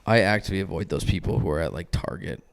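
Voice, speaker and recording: A man's voice: sits low, fast talker, creaky. Laughing young man telling stories. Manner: laughing anecdotal storyteller, casual swearing. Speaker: podcast co-host. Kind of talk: casual comedy podcast chat.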